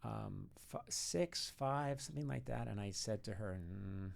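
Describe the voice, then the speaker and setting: Gravelly man telling stories. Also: fairly low pitch, measured pace. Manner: storytelling, acts out voices of family and others. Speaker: guest. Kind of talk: casual interview chat.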